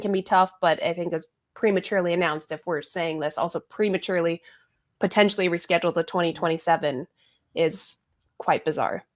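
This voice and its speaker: A woman soccer analyst giving thoughtful, measured opinions in a casual panel chat, with frequent ums. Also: on the low side.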